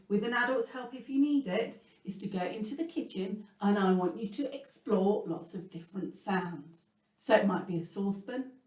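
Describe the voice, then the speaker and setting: An English woman leading a children's music lesson, animated and sing-song, swinging between loud words and whispers. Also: medium pitch. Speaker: music teacher. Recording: echoey room, voice from a distance.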